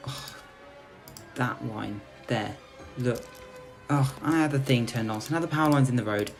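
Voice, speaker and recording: A man's voice: medium pitch, moderate pace, faint music behind. A young man giving gameplay commentary as host, sarcastically ranting at his in-game citizens like a petty tyrant. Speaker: let's play host.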